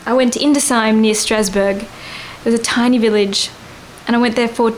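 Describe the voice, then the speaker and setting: A woman's voice: on the high side, steady tone, moderate pace, slight background noise, rough recording. A woman in her thirties, a guest telling a rambling story in casual chat and laughing often. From Australia.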